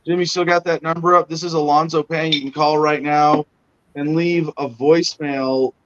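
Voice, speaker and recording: A man's voice: on the high side, flat delivery, normal speed. A man hosting a casual livestream, talking in a loose, rambling way and hedging as he goes. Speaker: show host. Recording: muffled lo-fi stream audio.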